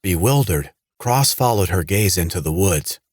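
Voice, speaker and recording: A man with a very low, husky voice reads a horror audiobook. His delivery moves up and down in pitch with dramatic flair. The recording is close and dry. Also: measured pace, dry recording. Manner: dramatic, lively storytelling. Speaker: audiobook narrator. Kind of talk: scripted horror narration.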